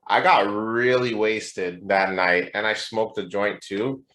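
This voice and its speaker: Animated young man telling stories. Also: fairly low pitch, takes it slowly. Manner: animated, swearing, laughing through his stories. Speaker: podcast co-host. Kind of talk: casual storytelling chat.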